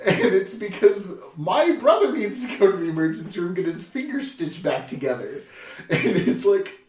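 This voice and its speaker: A man's voice: high voice, moderate pace. A young man hosting a casual podcast chat, telling stories with acted-out quotes and frequent laughter. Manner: animated storyteller, acts out quotes loudly, laughs often. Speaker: podcast host. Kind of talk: casual conversation. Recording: echoey room, mic at a distance.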